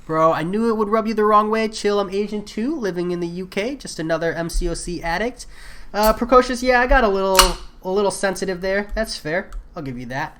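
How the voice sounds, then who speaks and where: A man's voice: high voice, animated, brisk, a bit bright, a little hiss or hum. A man chatting casually while live-streaming a game, answering viewer messages in a laid-back way.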